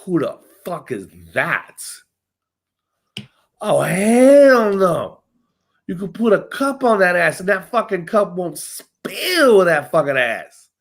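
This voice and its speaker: A crude sea god full of swagger, as a man puts him on while telling a story. He swears and leers. His voice sits high and swings around a lot. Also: sing-song, takes it slowly, heavily acted. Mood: lustful, lazy. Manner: profane, leering.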